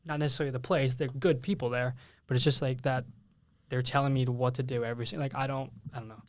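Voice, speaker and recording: A man's voice: medium pitch, steady tone, quick pace, no room sound. A man with a mid-range voice talks casually as a podcast host. He is hesitant and often restarts his sentences. The sound is dry and close. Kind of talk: casual conversation.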